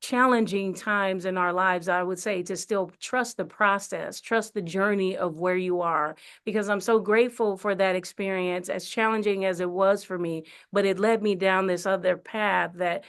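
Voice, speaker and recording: A woman's voice: mid-range voice, steady tone, moderate pace, few pauses, clean tone. A woman, an actress, telling her story in a casual interview, chatty with many fillers and restarts. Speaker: actress and singer, interview guest. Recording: radio studio interview.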